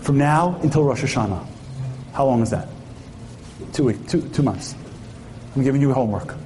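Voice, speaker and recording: A man's voice: medium pitch, expressive, moderate pace, a little mellow, a little hiss or hum. A man giving an impassioned sermon-like speech at a memorial tribute, firing rhetorical questions at the audience and weaving in Hebrew terms.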